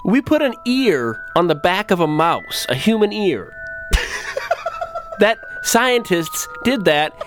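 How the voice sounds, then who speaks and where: A man co-hosting a comedy podcast, reacting with goofy quick remarks. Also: big pitch swings, a bit bright, slight background noise. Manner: goofy quick reactions, big pitch jumps. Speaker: podcast co-host.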